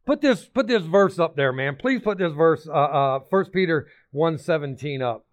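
A male pastor preaching a sermon, emphatic and excitable, repeating phrases and bursting into sudden shouts. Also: on the high side, moderate pace, muffled recording.

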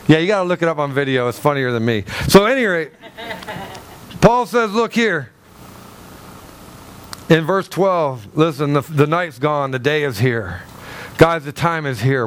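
A man preaching a fiery sermon, emphatic and repetitive, rising to shouts. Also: fairly high pitch, animated, normal speed, no echo.

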